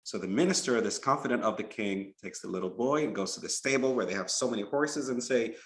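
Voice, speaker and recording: Preacher guy telling a story, mid pitch, roomy echo. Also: fast talker. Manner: animated, repetitive storytelling. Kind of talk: storytelling sermon.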